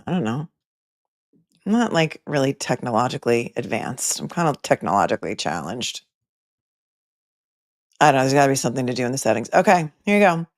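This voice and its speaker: A woman's voice: rumbling low, animated, a little fast, long pauses, dry recording, studio quality. A woman hosting a casual livestream, chatting with viewers and making wry asides while she waits, talking into a phone. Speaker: livestream host. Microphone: phone microphone.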